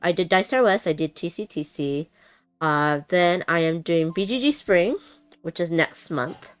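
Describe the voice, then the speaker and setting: A woman's voice: on the low side, normal speed, clear, resonant tone. A woman chatting casually with her live-stream viewers while unboxing a board game, bubbly, laughing often and using many fillers. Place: home room with noisy bathroom upstairs.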